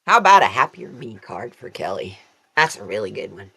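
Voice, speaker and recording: A woman's voice: rumbling low, very animated, a little fast, sharp tone, slightly rough. A woman hosting a casual card-reading livestream, effusive and affectionate, calling viewers honey and girl. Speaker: livestream host reading cards. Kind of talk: casual live chat.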